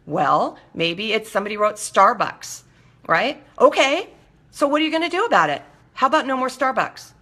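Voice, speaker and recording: A woman hosting a live motivational chat, reading out viewer comments and answering them emphatically, jumping up high on her punchlines. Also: sing-song, moderate pace, pushed and bright. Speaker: host of a live call-in show.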